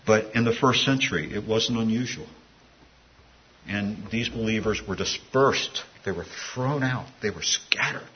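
A man with a lowish voice preaches in a loose, talky way, wandering into asides. The recording is dull and lo-fi, with a faint hiss running underneath. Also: measured pace. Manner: conversational, digressive, with asides. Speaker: pastor. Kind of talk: sermon.

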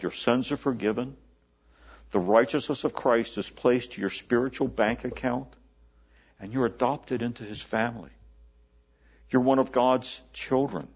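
Husky conversational male preacher. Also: mid-range voice. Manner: conversational, repeats words, slows to stress scripture. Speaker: pastor. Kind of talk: sermon. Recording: dull lo-fi recording.

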